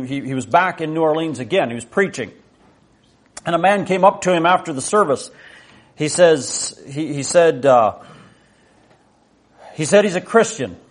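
A man preaching a sermon, telling a story earnestly, stumbling and restarting now and then, and reading scripture aloud with rising force. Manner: rises in pitch and volume when reading scripture aloud. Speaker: pastor.

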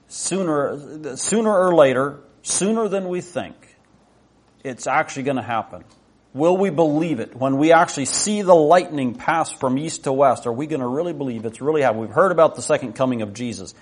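A man preaching a sermon, telling a story earnestly, stumbling and restarting now and then, and reading scripture aloud with rising force. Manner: rises in pitch and volume when reading scripture aloud. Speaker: pastor.

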